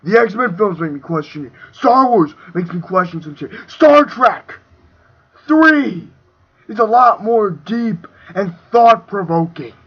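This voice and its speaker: A young man ranting angrily about a movie, profane and swinging between shouting and muttering. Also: high-pitched, animated, slow, slightly rough. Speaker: video reviewer. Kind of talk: angry movie rant. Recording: dull lo-fi home recording.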